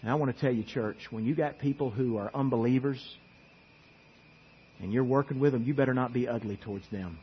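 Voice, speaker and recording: A pastor preaching a sermon, pleading and swinging from quiet talk to impassioned urging. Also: male voice, medium pitch, a little fast, husky, lo-fi sound.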